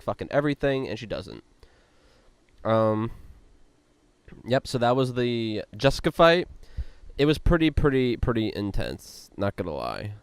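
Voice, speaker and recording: A man's voice: lowish voice, smooth, no echo. A man hosting a podcast, recapping a reality show in a chatty way with lots of "like" and frequent swearing. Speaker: podcast host.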